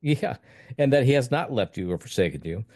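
A man hosting a faith podcast, offering careful, measured reflections on his guest's story. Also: mid-range voice, expressive, darkish tone, no room sound, studio quality. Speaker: host.

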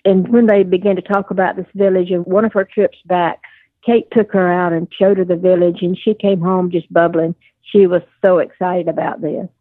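A woman's voice: lowish voice, fairly even intonation, moderate pace, dry recording. An older woman with a Southern US accent, telling family stories as an interview guest with easy fillers. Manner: storytelling, warm anecdotes with fillers. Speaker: guest, adoptive mother. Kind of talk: conversational interview. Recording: tinny phone line.

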